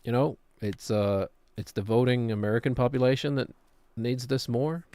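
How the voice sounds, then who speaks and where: A man's voice: mid-range voice, fairly even intonation, moderate pace, warm tone. Rambling New streamer man. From New Zealand. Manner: rambling, musing, self-deprecating. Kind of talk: casual gameplay chat.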